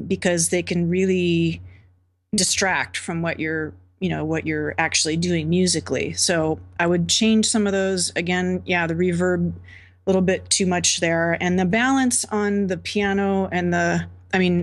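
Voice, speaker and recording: Low-voiced woman on a music panel, upbeat, lots of ums while she thinks. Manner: enthusiastic, warm praise with many fillers. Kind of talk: casual panel critique.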